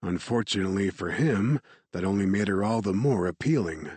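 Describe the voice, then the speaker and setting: A man reading an audiobook in steady, measured narration. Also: low voice, husky, no echo.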